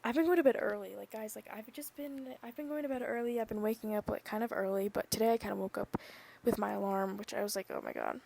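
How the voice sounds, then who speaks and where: Young woman, solo podcast host, rambling casual talk, gravelly fry in her voice, mid-pitched. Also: fairly even intonation, fast talker. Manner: rambling, full of "like" and "literally", drifting soft. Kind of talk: casual chat.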